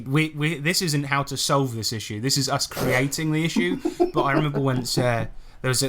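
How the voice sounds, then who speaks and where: Male podcast host, mid-pitched voice, swears and jokes, laughs a lot, casual. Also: noisy background. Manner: sweary, jokey, laughs often. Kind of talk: casual chat.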